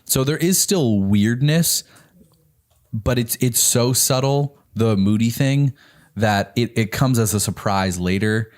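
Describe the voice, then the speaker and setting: A man in casual podcast chat, thoughtful and hesitant, often pausing on "um". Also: medium pitch, darkish tone. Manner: thoughtful, hesitant, many ums.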